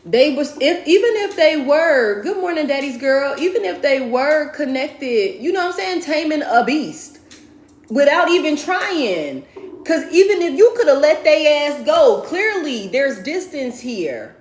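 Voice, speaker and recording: Lively, profane woman tarot reader. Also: sits high, a little slow, echoey room. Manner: animated, profane, laughing, chatty. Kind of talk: casual tarot reading to viewers.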